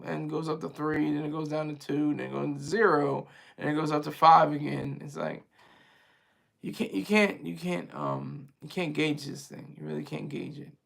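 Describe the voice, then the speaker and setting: A man's voice: on the high side, normal speed, vocal fry. A man hosting a livestream, talking casually with his viewers in a rambling, chatty way and laughing easily. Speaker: livestream host reading viewer chat.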